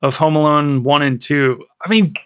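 A man's voice: on the high side, moderate pace, smooth. A man co-hosting a film podcast in casual chat, rambling and swearing freely, with lots of "like" and "you know". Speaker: podcast co-host.

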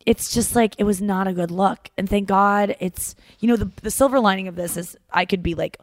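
A woman in her thirties hosts a casual podcast chat in a mid-range voice, talking fairly quickly with hardly any pauses. She tells stories animatedly, full of fillers and acted-out quotes. There is no echo.

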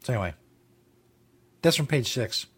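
A man's voice: medium pitch, expressive, normal speed, fairly bright tone, husky. A male talk-show host rambling casually and profanely, laughing at his own jokes, in a studio.

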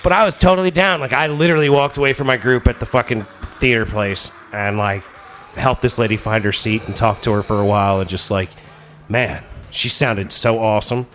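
A man's voice: medium pitch, steady tone, brisk, fairly bright tone. A man hosting a casual comedy podcast, telling crude stories in a loose, rambling way full of fillers. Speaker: podcast host.

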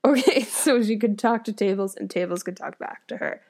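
A woman's voice: medium pitch, steady tone, normal speed, a little mellow. A woman reading a fairy tale aloud and stopping often to muse about the story in chatty asides. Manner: chatty, musing asides between passages. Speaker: audiobook reader.

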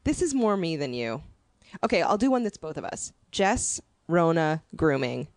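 Animated woman swearing in casual chat. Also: sits low, moderate pace, no echo, studio quality. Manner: animated, profane, spells out account names. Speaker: podcast co-host.

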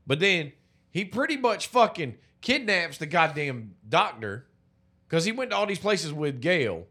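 A man's voice: fairly high pitch, very animated, unhurried, pushed and bright, slightly rough. A man in casual chat, recapping a movie with a friend, profane and joking as he retells it.

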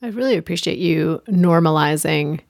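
Low gravelly woman host. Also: lively intonation, normal speed, dry recording, studio quality. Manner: warm, affirming, conversational. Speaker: podcast host. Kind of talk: podcast interview.

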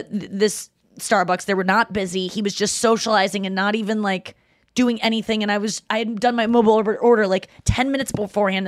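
A woman's voice: medium pitch, dry recording, clean studio sound. A woman co-hosting a podcast, telling stories in a casual chat and acting out the quotes. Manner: animated storytelling, acts out quotes. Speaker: podcast co-host.

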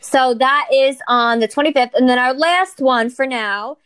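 A woman's voice: high-pitched, unhurried, a bit bright, clear, resonant tone, no room sound. A woman co-hosting a podcast in casual chat, brash and swearing freely. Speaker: podcast co-host.

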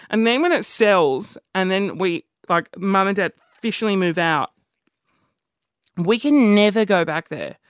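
A woman's voice: mid-range voice, a little slow, no room sound, studio quality. A young woman with an Australian accent, hosting a casual, rambling monologue and poking fun at herself. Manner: animated, rambling, self-mocking.

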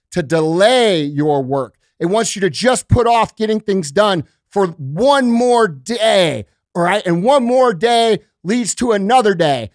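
A man's voice: sits high, no room sound, studio quality. A man hosting a motivational podcast, talking bluntly and profanely and ending points with "okay?". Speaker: podcast host. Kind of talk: motivational monologue.

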